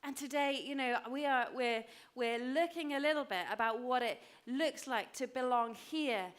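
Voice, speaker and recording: A woman in her fifties preaching a sermon, emphatic and repeating phrases for weight, dropping to a hush for personal stories. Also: high voice, normal speed, clean tone. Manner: drops to a hushed voice for personal stories. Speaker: pastor.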